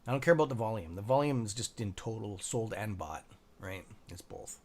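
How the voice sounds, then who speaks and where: Excitable, swearing trading-stream host, a man. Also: fairly low pitch, fairly quick. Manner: excitable, profane, talks to viewers by nickname; mutters asides to himself under his breath. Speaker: stock trading livestream host. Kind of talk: live-streamed market commentary, reading chat.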